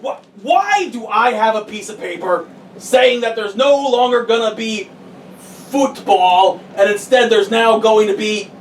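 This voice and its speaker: An actor in an improv scene playing a blustering American football coach who repeats himself. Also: male voice, high voice, measured pace, a little hiss or hum. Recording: echoey stage, far mic.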